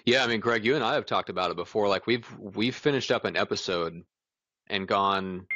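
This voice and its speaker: A man's voice: fairly low pitch, a little fast, pushed and bright. A man co-hosting a podcast, talking reflectively with lots of agreeing fillers. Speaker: podcast co-host. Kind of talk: casual podcast chat. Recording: dull lo-fi sound, dry.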